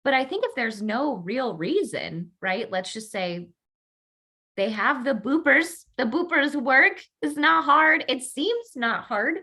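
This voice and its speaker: A woman with a bright, forceful tone and a fairly high voice. She chats on a podcast as a guest, joking and acting out reactions. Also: takes it slowly, breathy edge. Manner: jokey, expressive, acts out reactions. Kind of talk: casual podcast chat.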